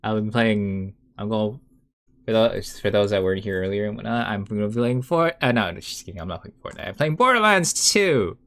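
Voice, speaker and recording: A man's voice: fairly low pitch, expressive, fairly quick, fairly bright tone. A young man chatting casually while he draws on a live stream, rambling and muttering to himself with a self-mocking manner. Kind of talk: casual chat while drawing.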